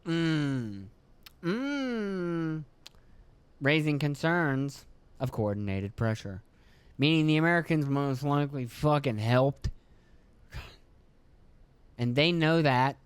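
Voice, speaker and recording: A man's voice: mid-range voice, unhurried, long pauses, clean tone, no room sound. A man hosting a solo podcast, reading news notes and breaking off into offhand, profane asides. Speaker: podcast host.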